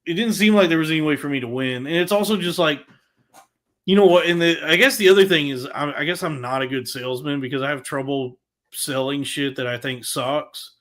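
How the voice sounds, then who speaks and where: A man's voice: on the high side, a little fast. A man talking casually on a podcast, telling a rant in a crude, profanity-heavy way with lots of restarts. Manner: animated, frequent restarts.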